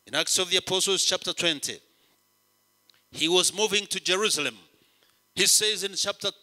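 A man preaching a sermon as a bishop, with a rhythmic, repetitive cadence that rises for emphasis and drops to a hush. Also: on the high side. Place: chapel. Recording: long chapel reverb.

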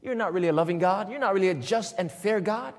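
A man's voice: high voice, fast talker. A man preaching who briefly voices Satan accusing God, in an indignant, accusing tone, with the long reverb of a hall.

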